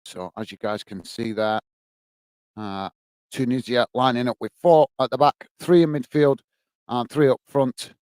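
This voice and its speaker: A man's voice: mid-range voice, unhurried, a little mellow, clear, resonant tone, no echo. A man from the UK hosting a casual football watch-along stream, chatting to viewers with lots of fillers and friendly greetings, a bit out of breath. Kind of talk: casual live-stream chat reading viewer comments.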